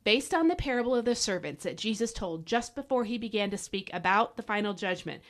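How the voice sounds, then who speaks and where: A woman who hosts a devotional podcast and teaches the Bible preaches fervently, addressing listeners directly and urging them to act. Her mid-range voice is animated and brisk, with folksy asides and repeated emphasis.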